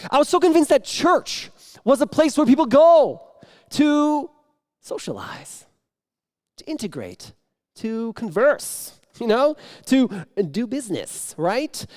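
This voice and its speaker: A man performs an improvised comic story on a conference stage, acting out each exchange and dropping to sudden whispers. His voice sits high for a man. It swings widely in pitch as he plays to the crowd. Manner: animated, acts out dialogue with sudden whispers. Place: conference stage before an audience.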